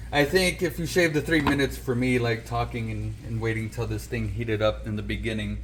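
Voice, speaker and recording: A man's voice: medium pitch, slight background noise, rough recording. A man hosting a home cooking video, talking casually and checking in with viewers with a frequent "okay?". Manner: chatty, says "okay?" often. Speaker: cooking channel host.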